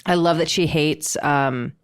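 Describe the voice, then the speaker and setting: Woman podcast guest, slightly low pitch, casual and chatty with pauses. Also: clean tone. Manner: chatty, hesitant with "um"s. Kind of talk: casual chat.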